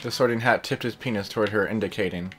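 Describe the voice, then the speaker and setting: A man with a lowish voice reads fan fiction aloud while playing a game, talking fast over soft background music. His delivery is casual and plain, broken up by joking, distracted asides.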